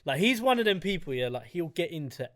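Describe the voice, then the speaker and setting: Laid-back podcast host. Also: male voice, fairly high pitch, very animated, fast talker. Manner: laid-back, chatty, with short agreeing replies. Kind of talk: casual podcast chat.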